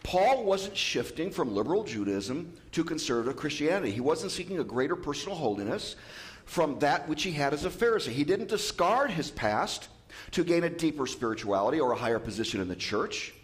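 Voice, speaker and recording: A man preaching a sermon as pastor, lively and joking with asides. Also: fairly high pitch, fairly quick. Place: church.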